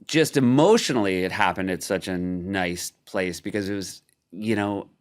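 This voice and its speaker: A man's voice: sits low, normal speed. A middle-aged man chatting as a podcast guest, laughing often and making dry jokes. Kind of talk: casual chat.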